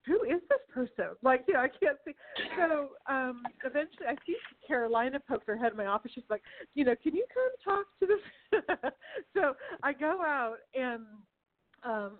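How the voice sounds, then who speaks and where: A woman's voice: high voice, animated, normal speed, a little hiss or hum. A woman hosting a casual radio interview, telling a story with lots of energy, giggling and acting out the voices. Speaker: chamber of commerce host. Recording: tinny phone-like radio audio.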